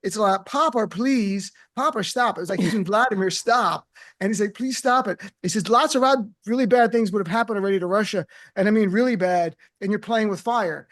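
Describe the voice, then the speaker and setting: A high-pitched male radio host leads a comic panel in a studio. He is animated and teasing, and he keeps acting out the lines he quotes. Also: brisk. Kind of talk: comedic panel chat. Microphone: studio mic.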